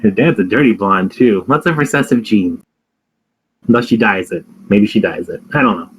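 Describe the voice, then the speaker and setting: A man's voice: on the low side, normal speed, slight background noise, rough recording. A man co-hosting a casual chat, summarizing at length with a rambling, hesitant manner. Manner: rambling, hesitant, many ums and likes. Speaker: podcast co-host.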